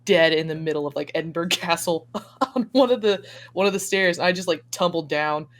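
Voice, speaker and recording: A woman's voice: on the low side, a little fast. Laughing young woman telling stories. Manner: animated, laughing often, acts out quoted voices. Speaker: podcast guest. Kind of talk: casual storytelling chat.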